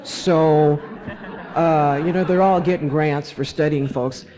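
A woman from Alabama speaks as a panelist. She tells a personal story at an unhurried pace, wry and measured, with a dry humor that carries through her telling. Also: deep voice, steady tone, mellow.

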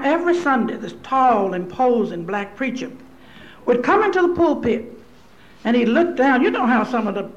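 A woman from Louisville, Kentucky, giving a lecture with storytelling, speaking deliberately in repeated, list-building phrases. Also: on the high side, dull audio. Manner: deliberate, repetitive preacherly cadence building lists. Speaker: speaker on theology.

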